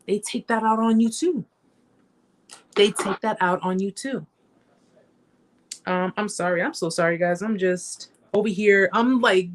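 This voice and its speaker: Woman live-stream host, emphatic, repeats herself, talks straight to viewers, middle-aged. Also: mid-range voice. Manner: emphatic and repetitive, often addressing viewers as guys. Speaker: host of a survivor support live chat. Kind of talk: emotional live-stream storytelling.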